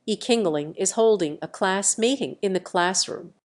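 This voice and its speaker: A woman's voice: medium pitch, normal speed. A woman narrating a romance story in a scripted audiobook reading.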